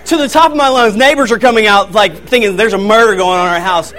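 A young man preaching a sermon, telling a family story in an animated way and laughing as he goes. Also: sits high, fast talker. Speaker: pastor.

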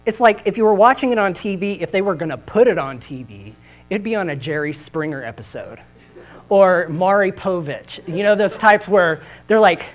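A man's voice: sits high, moderate pace, poor audio. A man preaching a sermon with humorous, folksy storytelling at a church service. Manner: animated, jokey, folksy.

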